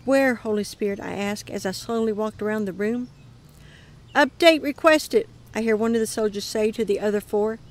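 A woman reading her dream account aloud in a calm voice that often drops to a murmur. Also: medium pitch, a little fast, hardly any pauses. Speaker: ministry dream teller.

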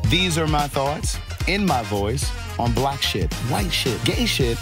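A man's voice: medium pitch, big pitch swings, takes it slowly, music in the background. A man hosting his vlog, delivering a scripted intro and promo with emphatic energy. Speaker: vlog host.

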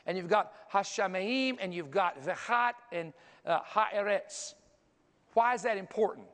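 A man's voice: high voice, expressive, measured pace, a bit bright. A man preaching a sermon, teaching energetically, counting aloud and pointing things out as he goes. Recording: long hall reverb.

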